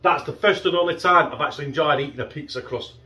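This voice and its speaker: Fast, fairly high and pushed, with a bright edge, the voice belongs to a middle-aged man from northern England vlogging about a frozen pizza. He keeps it chatty and casual, swears freely, and now and then talks with his mouth full.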